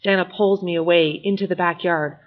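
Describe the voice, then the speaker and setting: A woman narrates a novel in first person, reading in a measured yet expressive way. Her voice sits somewhat low. The recording sounds slightly muffled and lo-fi. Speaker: audiobook narrator.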